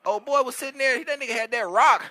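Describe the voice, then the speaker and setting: A man co-hosting a comedy podcast, telling stories in a casual, animated and profane way and laughing often. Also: very high voice, quick pace. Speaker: podcast co-host. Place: podcast studio.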